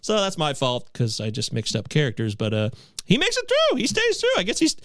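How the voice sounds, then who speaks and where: A man casually chatting on a movie podcast, rambling and animated, swearing now and then. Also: a little high, fairly quick, dry recording, clean studio sound. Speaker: podcast host. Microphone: sharing a podcast mic.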